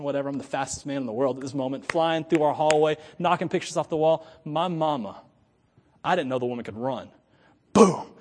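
A middle-aged male pastor preaching a storytelling sermon, moving from hushed asides to loud preaching and laughing at his own tales. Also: high voice. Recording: long reverb from a large hall.

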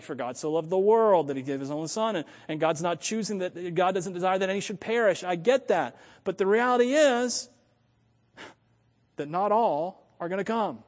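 A man from the United States preaching a sermon in an animated way, thinking aloud and correcting himself as he goes. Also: high voice, long reverb tail. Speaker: pastor.

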